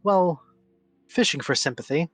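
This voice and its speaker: A man's voice: a little high, expressive, a little slow, a bit bright, husky, no echo. Game master, male, dry and wry, close and dry mic. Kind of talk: narrating and voicing characters in a tabletop game.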